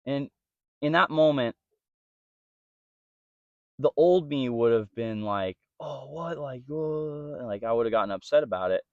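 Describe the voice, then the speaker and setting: A man's voice: mid-range voice, moderate pace, pauses often, clean tone, dry recording, lo-fi sound. A young man co-hosting a podcast, telling a story in casual chat and quoting people along the way. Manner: storytelling, animated quoting of others. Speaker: podcast co-host.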